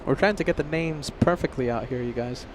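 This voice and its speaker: A man's voice: medium pitch, brisk, background noise. A man hosting a casual live stream outdoors, chatting and reading out viewer names and messages. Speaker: livestream host. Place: outdoors near an airport.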